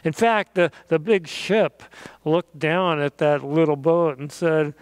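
A pastor telling a children's message story and ending in prayer, gentle and animated with playful sound effects. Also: male voice, on the high side, slow, smooth, no echo.

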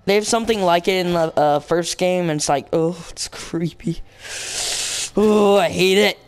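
A young man hosting a let's play, rambling with lots of fillers and bursting into yelling at the game. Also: sits high, normal speed, smooth. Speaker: gaming channel host.

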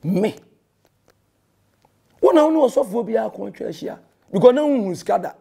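A man's voice: high voice, animated, moderate pace, creaky, warm tone, husky. A Ghanaian man, a pastor, delivering a heated and confrontational rebuttal that scolds a rival and mixes in English phrases.

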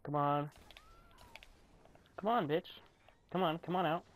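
A young man giving casual commentary while playing a video game, swearing and yelling in frustration. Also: fairly high pitch, measured pace, a little hiss or hum. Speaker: gamer commentator.

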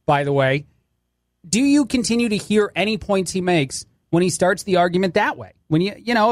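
Talk radio guy, high-pitched, dry close sound, picking apart clips with a smirk. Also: a little mellow, no room sound. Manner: wry, critiques clips as he plays them. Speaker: fill-in radio host. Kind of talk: opinionated talk radio commentary.

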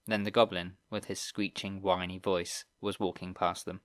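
A man narrating a middle-grade fantasy audiobook in a steady, even storytelling manner. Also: low-pitched, normal speed, hardly any pauses, no echo, studio quality. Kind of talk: scripted narration.

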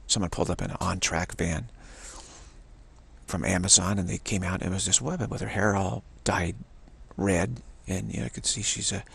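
Man, casual religious monologue, rambling, gravelly, husky. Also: low-pitched, fairly even intonation, moderate pace, a bit bright. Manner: rambling, repeats words, many restarts. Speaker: religious commentator.

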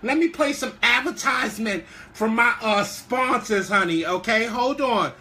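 A man's voice: very high voice, unhurried, sharp tone, a little hiss or hum. A man hosting a live stream in a sassy, flamboyant way, calling everyone honey and baby. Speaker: live-stream show host. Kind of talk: casual live-stream chat.

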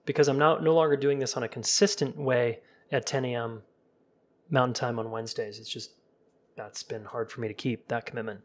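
A man's voice: mid-range voice, brisk. Casual man giving relationship advice. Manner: casual, relaxed, talks straight to viewers; acts out calm sample dialogue in a soft voice. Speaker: relationship coach. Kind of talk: casual live-stream advice.

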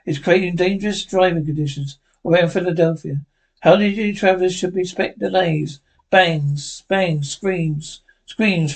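A man's voice: high voice, a little slow, gravelly, darkish tone, husky. A man reading a TV drama script aloud, voicing every part himself and speaking the stage directions too. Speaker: script reader.

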